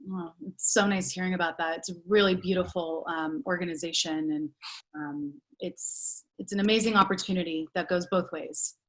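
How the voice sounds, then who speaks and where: A woman interviewing a guest over a video call, giving soft affirming replies. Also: on the low side, fairly even intonation, moderate pace, low-quality recording. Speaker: interviewer host. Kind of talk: interview listening responses.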